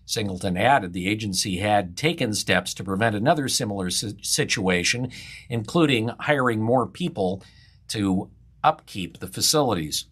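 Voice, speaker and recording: A man reading a local news report in a steady, matter-of-fact way. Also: fairly low pitch, normal speed, husky. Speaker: news reader.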